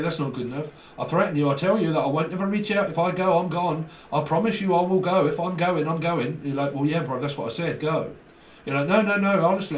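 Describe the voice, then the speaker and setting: A man gives a tarot reading in an echoey room, acting out exchanges in slang, laughing often and swearing. His voice is a little high and sounds distant and slightly off-mic, with a little hiss or hum.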